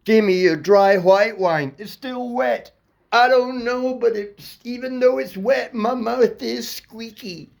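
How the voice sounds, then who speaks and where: A man voicing a squeaky, high-pitched prissy wine drinker in a comedy bit. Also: slow, gravelly, full character voice.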